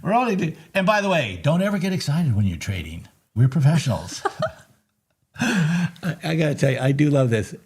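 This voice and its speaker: A man's voice: on the high side, normal speed, slightly rough. A man hosting a live market recap from his trading desk, chatting casually and joking over the charts. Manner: excitable and joking, bursts of laughter.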